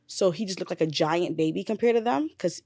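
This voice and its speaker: A young adult woman, a mother, candidly telling her story in a casual interview, animated, with blunt slang and swearing. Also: on the low side, a little fast, dry recording, clean studio sound.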